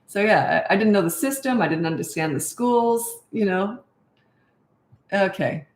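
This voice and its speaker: A woman's voice: medium pitch, expressive, unhurried, reverberant. A middle-aged woman, a parenting coach, chatting and rambling casually on a live-stream Q&A, self-deprecating.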